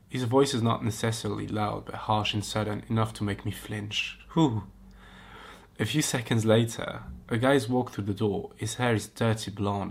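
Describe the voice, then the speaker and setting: Reading a romance story on his podcast, a man with a lowish, slightly rough voice and vocal fry breaks off again and again to giggle and mock it. The result is a comic reaction reading.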